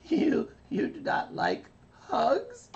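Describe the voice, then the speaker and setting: Cartoon little-brother monster, tiny high voice, formal and earnest. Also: male voice, huge pitch swings, extremely slow, creaky, lo-fi sound, exaggerated voice. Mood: hurt. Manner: formal, stiff speech without contractions. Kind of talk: reading a cartoon script aloud.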